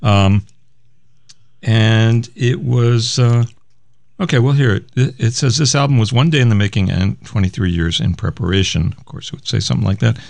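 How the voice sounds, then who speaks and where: Gravelly-voiced man chatting about old records. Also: fairly low pitch, normal speed, darkish tone, no echo. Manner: rambling, thinks aloud, reads liner notes. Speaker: radio show co-host. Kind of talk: casual chat about music records.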